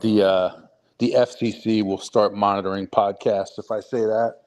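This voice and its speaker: A man co-hosting a sports talk show, giving lively, opinionated takes. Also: fairly low pitch, moderate pace. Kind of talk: casual chat.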